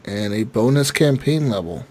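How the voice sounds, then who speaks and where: A man's voice: medium pitch, animated, normal speed, darkish tone. A man hosting a casual gaming podcast, reading listener comments aloud with lots of swearing and laughter.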